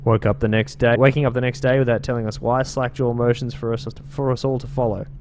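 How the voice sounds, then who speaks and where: A man's voice: mid-range voice, little pitch movement, fast talker, darkish tone, slight background noise, natural voice. A man voicing a male street gang member telling tales in an attempted British accent, reading game lore aloud in a slangy, loose delivery. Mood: storytelling.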